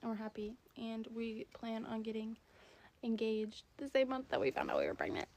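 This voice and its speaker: Giggly young woman with gravelly fry. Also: fairly high pitch, huge pitch swings, moderate pace, a little mellow. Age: about 20. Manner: giggly, chatty, full of "like". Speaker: stay-at-home mom. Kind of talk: casual storytime.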